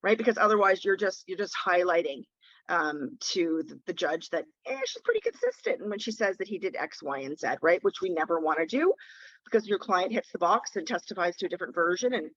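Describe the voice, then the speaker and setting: A woman's voice: lowish voice, fairly bright tone, no echo. A woman defence lawyer teaching in a webinar, talking in a direct, conversational way and leaning on key words, heard through a phone. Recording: dull lo-fi phone audio.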